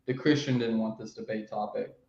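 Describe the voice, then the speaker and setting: A man chatting casually as a guest, joking and excitable. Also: on the low side, a little fast. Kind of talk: casual chat. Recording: roomy, dull lo-fi call audio.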